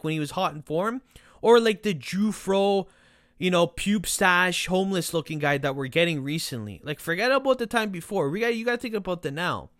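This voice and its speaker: A young man hosting a casual football podcast, excitable and animated, with loud outbursts and quieter asides. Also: high-pitched, no room sound, studio quality. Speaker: podcast host.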